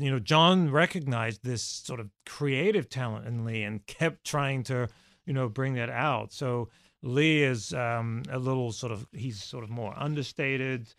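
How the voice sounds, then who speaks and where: A man with a gravelly voice talks through his answers in a halting, reflective way. His many fillers and restarts make it sound unscripted. The sound is dry and close. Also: medium pitch, a bit bright, dry recording. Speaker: podcast guest, former studio executive. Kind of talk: conversational interview answers.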